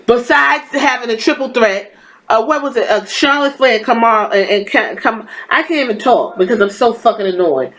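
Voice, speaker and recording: A woman's voice: fairly high pitch, slight background noise, poor audio. A woman hosting a podcast, giving a casual wrestling review in a blunt, profane, exasperated and sarcastic rant. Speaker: podcast host.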